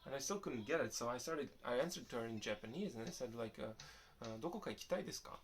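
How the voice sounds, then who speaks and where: A man's voice: mid-range voice, quick pace, slight background noise. A young man casually answering viewer questions in a vlog, rambling and restarting his sentences. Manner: rambling, restarts often, relaxed and candid.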